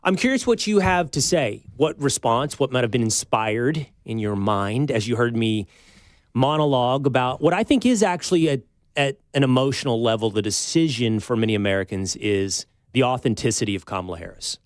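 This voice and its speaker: A man's voice: mid-range voice, animated, a little fast, no echo, clean studio sound. A man hosting a talk show, talking in a pointed conversational way as he challenges his guest. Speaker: show host.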